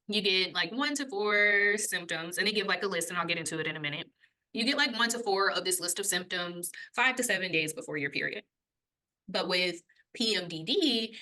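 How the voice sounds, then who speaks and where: A young adult woman co-hosting a podcast, chatting casually and explaining a topic, laughing often and getting a little breathless when excited. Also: lowish voice, low-quality recording. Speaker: podcast co-host.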